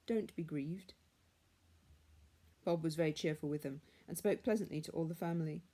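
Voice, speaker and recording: Woman reading a classic tale aloud, measured and hushed, mellow low voice. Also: steady tone. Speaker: reader. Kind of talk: storybook reading.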